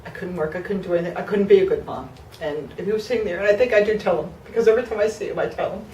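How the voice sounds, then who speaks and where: A woman's voice: medium pitch, very fast, dark tone, roomy sound, distant mic, slight background noise, poor audio. A woman of fifty from New Jersey giving an emotional patient testimonial, heartfelt and close to tears, with fillers and restarts. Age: 50s.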